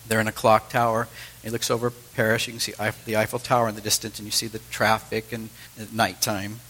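A man's voice: lowish voice, monotone, fairly quick, fairly bright tone, poor audio. A middle-aged man delivers a sermon to his congregation. His manner is easygoing and conversational, and he breaks off now and then to speak directly to his listeners. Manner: conversational teaching with asides to the congregation. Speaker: pastor.

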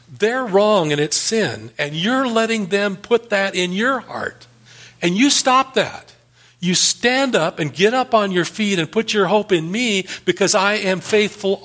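A male preacher voicing God as a stern, forceful figure who scolds a discouraged prophet. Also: fairly high pitch, breathy edge, full character voice. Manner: commanding, scolding.

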